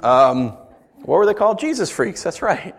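A man preaching a sermon, conversational and animated, with playful asides to the congregation. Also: high-pitched, moderate pace, creaky, breathy edge. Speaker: pastor.

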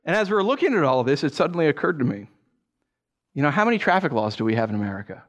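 A middle-aged man giving a sermon as a pastor, telling stories with animated energy, acting out scenes with sound effects and often restarting his phrases. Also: on the high side, very fast. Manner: repeats words, restarts phrases.

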